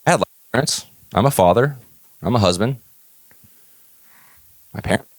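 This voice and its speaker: A middle-aged man with a very low voice gives a motivational talk to an audience. He tells stories and acts out conversations, with his voice climbing for emphasis. The sound is close and dry, with no room echo. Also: lively intonation, normal speed. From Northern California. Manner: storytelling, acting out dialogue with rising emphasis. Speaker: keynote speaker.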